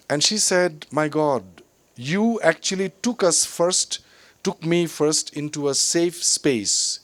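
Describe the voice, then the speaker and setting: A middle-aged actor giving a reflective storytelling talk at a film festival, digressive and full of fillers and restarts. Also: male voice, mid-range voice, no echo. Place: festival stage or hall.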